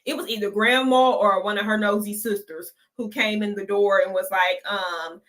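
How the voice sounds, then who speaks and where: A woman's voice: medium pitch, steady tone, moderate pace, hardly any pauses, sharp tone. A woman hosting a casual reaction commentary, chatty and gossipy, laughing often as she talks. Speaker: reaction channel host.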